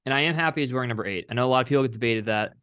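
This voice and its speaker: A man's voice: mid-range voice, rapid-fire, fairly bright tone, smooth. A young man co-hosting a football podcast, talking earnestly and addressing listeners directly. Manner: earnest, speeches to the audience. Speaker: podcast co-host. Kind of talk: sports talk podcast.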